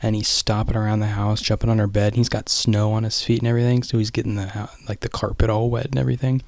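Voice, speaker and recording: A man's voice: on the low side, flat delivery, quick pace, gravelly, a little mellow, no echo. A young man casually rambling through a movie recap, restarting often and sometimes dropping to a whisper. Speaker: vlogger.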